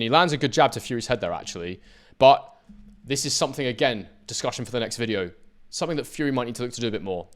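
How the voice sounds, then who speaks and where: A man analysing boxing footage, speaking emphatically and addressing his viewers directly. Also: mid-range voice. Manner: emphatic, talks straight to viewers. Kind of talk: talking over fight footage.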